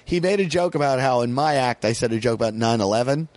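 An American man, a stand-up comic, chats on a podcast and spins loose stories full of swearing. His voice sits at a middle pitch. The sound is dry and close, with no room around it. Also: lively intonation, quick pace, a little mellow, no echo. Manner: storytelling, swearing freely. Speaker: comedian. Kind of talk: casual podcast chat.

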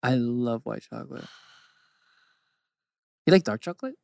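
A man's voice: mid-range voice, expressive, normal speed, creaky, darkish tone, no echo, clean studio sound. A young man from California co-hosting a podcast, chatting casually with playful, joking banter. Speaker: podcast co-host. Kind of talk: casual chat.

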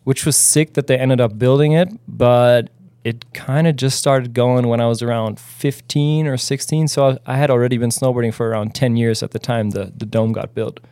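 A man's voice: medium pitch, steady tone, normal speed, mellow, dry recording. Laid-back German-raised man, dry close sound. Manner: laid-back, fills speech with "like" and "um". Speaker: podcast guest, snowboarder. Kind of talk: casual interview chat.

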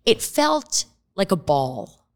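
A middle-aged woman speaking as a podcast guest in casual chat, candid and quick to swear. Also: mid-range voice. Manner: candid, profane and animated.

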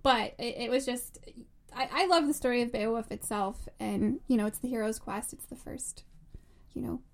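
A woman in a casual group chat about books, enthusiastic and quick to laugh. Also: a little high. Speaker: book discussion co-host.

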